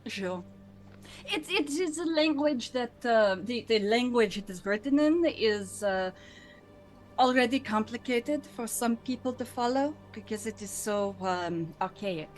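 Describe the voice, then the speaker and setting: A woman's voice: a little high, animated, unhurried, faint music behind. Woman player in character, earnest and a bit playful. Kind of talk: in-character tabletop play.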